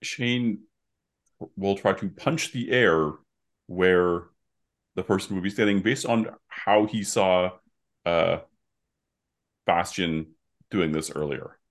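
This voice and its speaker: A man playing a tabletop role-playing game, describing his character's moves in halting, stumbling speech. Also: sits low. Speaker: player.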